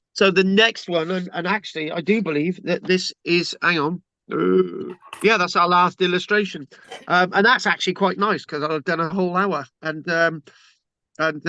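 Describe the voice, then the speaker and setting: A man's voice: a little high, fairly bright tone, no room sound. A man gives a casual, rambling history talk with many fillers and jokes. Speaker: local historian presenter. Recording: dull lo-fi dry recording.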